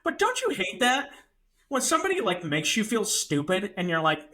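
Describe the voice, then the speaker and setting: Animated man with a bright voice. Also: sits high, normal speed. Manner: animated storytelling with comic exaggeration. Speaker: podcast co-host. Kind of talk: casual chat.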